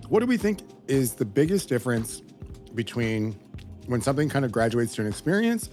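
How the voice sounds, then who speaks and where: A man in his thirties co-hosting a podcast in casual chat, swearing often and rambling with animated energy. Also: medium pitch, fairly quick, soft background music. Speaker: podcast co-host.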